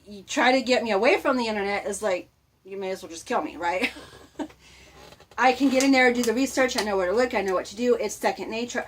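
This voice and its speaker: A woman's voice: fairly high pitch, husky. A woman hosting a casual motivational talk, chatty and laughing often as she speaks to her viewers. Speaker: host.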